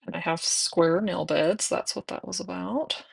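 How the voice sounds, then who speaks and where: Chatty woman with a gravelly low voice. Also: unhurried. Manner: chatty, sometimes drifting into soft whispers. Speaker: nail vlogger. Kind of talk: casual chat while doing nails.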